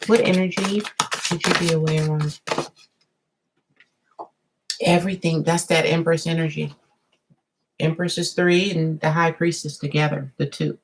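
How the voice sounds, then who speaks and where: A woman giving a live tarot reading in a chatty, drawn-out way, full of asides. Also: deep voice, fairly even intonation, low-quality recording. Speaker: tarot reader.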